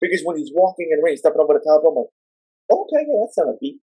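Excitable man with shrill shouted outbursts. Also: rapid-fire, slightly rough, no echo, rough recording. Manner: excitable, jumps into shrill shouting when retelling. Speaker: podcast guest. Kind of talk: casual chat.

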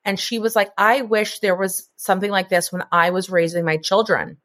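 A woman co-hosting a podcast chats earnestly about motherhood, swearing casually now and then. Her medium-pitched voice is steady and a bit bright, at a moderate pace.

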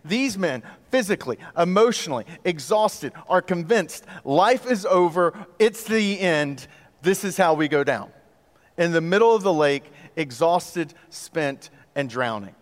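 A man preaching a sermon in a conversational way, using rhetorical questions and dramatic pauses. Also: sits high, in a large hall. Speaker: pastor.

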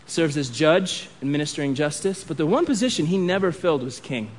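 A man's voice: a little high, animated, a little fast. A man in his thirties preaching a sermon in a conversational way, with restarts and asides. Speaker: pastor.

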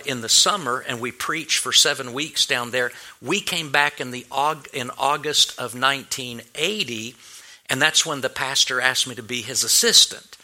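A man's voice: mid-range voice, bright, forceful tone. A male pastor telling a personal story in a sermon, earnest and anecdotal, with many restarts and fillers.

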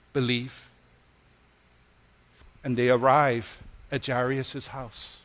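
A man preaching a sermon as pastor, retelling stories dramatically and dropping to a gentle hush on key phrases. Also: medium pitch. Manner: dramatic retelling, acts out voices in his stories.

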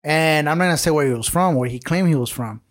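A man's voice: on the high side, quick pace. A man in his late twenties hosting a podcast, telling a story in casual street slang with lots of swearing. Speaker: podcast host.

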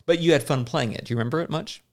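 A man's voice: fairly high pitch, racing. A man in his thirties hosting a casual podcast chat as a dad, rambling with lots of fillers. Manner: rambling, chatty, many fillers.

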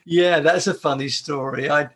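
An older man from the United Kingdom, a guitarist recalling his career in a relaxed interview, talking in a chatty way and often restarting his sentences. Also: fairly high pitch, normal speed. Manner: warm, chatty, with frequent restarts. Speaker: guitarist and performer, interview guest. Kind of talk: casual anecdotal storytelling.

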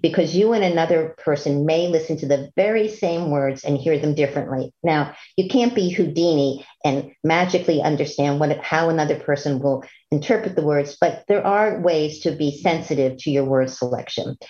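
Low, mellow woman lecturing doctors. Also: moderate pace, few pauses. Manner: earnest, instructive, with occasional fillers and restarts. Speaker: physician lecturer. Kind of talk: recorded medical lecture. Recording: dull lo-fi lecture recording.

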